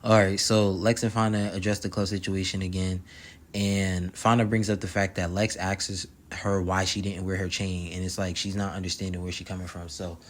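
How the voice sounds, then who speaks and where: A man's voice: low-pitched, little pitch movement, normal speed, a little hiss or hum. A man recapping a reality show episode in casual, rambling commentary, full of slang and asides to the viewer. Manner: slangy, rambling, keeps asking "you feel me". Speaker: YouTube reality-show reviewer.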